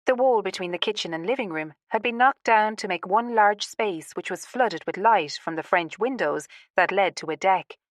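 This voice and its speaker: Woman reading a romance audiobook, calm and even, super dry close mic. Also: medium pitch, normal speed, hardly any pauses, no echo. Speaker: audiobook narrator. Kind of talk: scripted narration.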